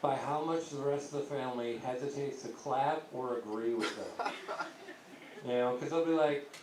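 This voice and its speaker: Crude young stand-up comic, echoey club. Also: male voice, mid-range voice, a little fast, distant mic, background noise. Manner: crude, rambling delivery with acted-out voices. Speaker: stand-up comedian. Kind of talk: stand-up set. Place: comedy club stage. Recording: echoey club heard from afar.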